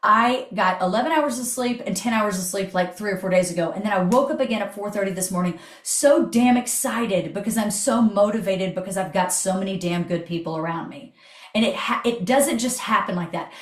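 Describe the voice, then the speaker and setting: Energetic chatty woman host. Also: medium pitch, fairly quick, reverberant. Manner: energetic, chatty, swears casually. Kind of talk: motivational talk on a video call.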